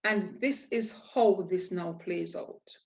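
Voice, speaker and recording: In an online lesson, a Spanish teacher speaks in a lowish, slow voice with vocal fry. She explains patiently, spelling out letters one at a time.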